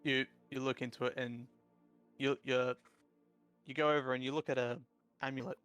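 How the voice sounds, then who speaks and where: A man's voice: medium pitch, flat delivery, moderate pace, fairly bright tone, smooth, soft background music. A man narrating a tabletop game as dungeon master, rambling with many fillers.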